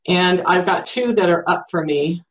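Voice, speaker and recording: A speaker in their sixties, teaching by demonstration, talking slowly and reflectively, searching for words and thinking aloud with pauses. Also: mid-range voice. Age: 60s. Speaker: teacher demonstrating self-empathy.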